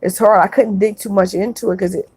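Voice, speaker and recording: Woman on a live stream reading out chat, soft and halting, lots of ums, dry close sound. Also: mid-range voice, fairly even intonation, slightly rough, no echo. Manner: soft-spoken, halting, many fillers and restarts. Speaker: livestream host. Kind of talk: casual livestream, reading chat comments aloud.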